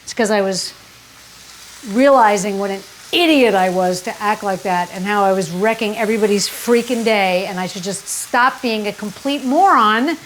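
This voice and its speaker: A woman hosts a cooking show from a kitchen in a casual, running patter. Her voice sits in a middle register, and she is frank and quick to poke fun at herself. Faint sizzling from the pan comes through behind her. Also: mid-range voice, slight background noise, low-quality recording. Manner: chatty, candid and self-mocking, with sudden exclamations.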